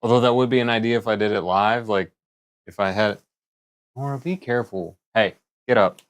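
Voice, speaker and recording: A man's voice: on the low side, brisk. A man streaming live who rambles casually and thinks aloud as he talks. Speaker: livestreamer.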